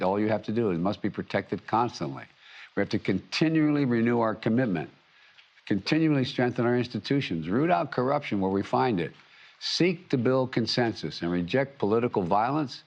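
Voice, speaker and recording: An older man delivering a formal political speech, with halting restarts and emphatic repetition. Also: on the low side, lo-fi sound. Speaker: head of state giving a speech.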